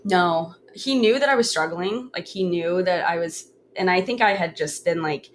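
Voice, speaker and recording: A woman in her thirties speaks in a slightly low voice, earnest and halting, often stopping to restart a sentence. She recounts her story candidly in conversation. A faint hum of room noise sits under her voice. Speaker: podcast guest.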